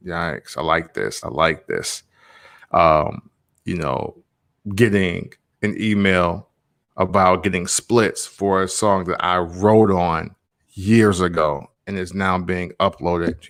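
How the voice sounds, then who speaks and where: A man's voice: sits low, fairly bright tone. A man in his thirties, a songwriter and podcaster, talking through his thoughts in a loose, rambling monologue full of slang asides. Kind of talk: reflective casual monologue.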